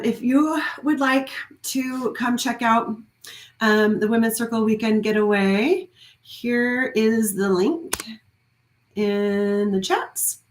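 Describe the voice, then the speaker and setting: A woman who leads a wellness studio, giving a heartfelt, effusive live-streamed talk that rambles with restarts. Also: on the high side. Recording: roomy echo.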